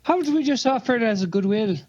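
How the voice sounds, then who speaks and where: A man's voice: extremely high pitch, lively intonation, fast, darkish tone, no room sound, muffled recording. A man playing his character in a tabletop game, brash and swearing a lot. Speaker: player. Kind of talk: in-character tabletop role-play.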